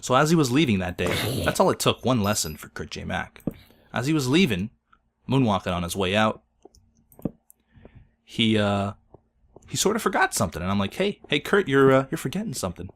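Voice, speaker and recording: Man, low voice, deadpan tall-tale storytelling, gaming host, faint background hiss. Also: normal speed, long pauses. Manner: deadpan, mock-solemn; breaks into laughter. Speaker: Let's Play host.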